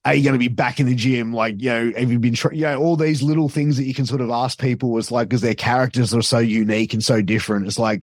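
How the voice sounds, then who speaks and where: A man's voice: medium pitch, steady tone, dry recording, studio quality. A man, a guest telling stories in casual chat, swearing freely and piling on fillers. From Australia. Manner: swears freely, fast storytelling with many fillers. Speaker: podcast guest, wrestling commentator.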